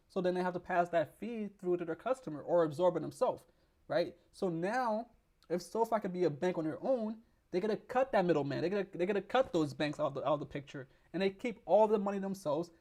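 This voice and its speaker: A man hosting a stock market video, hoarse from losing his voice, rambling with restarts as he reads news aloud and explains it. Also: high-pitched, brisk, darkish tone. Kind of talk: casual explainer with screen reading.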